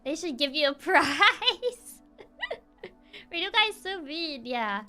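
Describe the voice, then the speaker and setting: A woman's voice: high-pitched, very animated, slow, sharp tone, faint music behind. A young woman streaming a story game, with playful, teasing commentary that is full of giggles and stumbling restarts. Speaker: gaming streamer.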